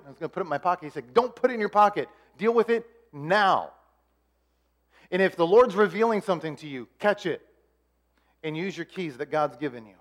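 A middle-aged man gives a relaxed, talky sermon. His voice sits a little high for a man. He slips into short acted exchanges, going quiet and soft for the quoted lines. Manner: conversational, acts out dialogue with God in hushed tones. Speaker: pastor.

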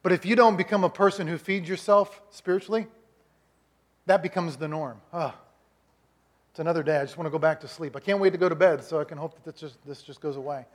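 Man, pastor, sermon, high-pitched, emphatic, storytelling. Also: quick pace. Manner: storytelling, emphatic, rhetorical questions.

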